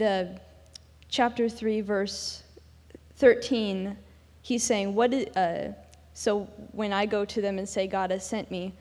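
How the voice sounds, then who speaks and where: A young woman gives a casual church devotional with plenty of ums and uhs. Her voice sits in a middle pitch and carries a long reverb, as if she is in a large hall. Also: darkish tone. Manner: chatty, self-deprecating, with many fillers. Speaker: devotional speaker.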